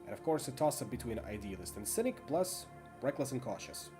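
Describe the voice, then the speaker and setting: A man reading and narrating a solo tabletop roleplaying game, in a measured storyteller manner. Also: over music. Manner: measured storyteller, lively pitch.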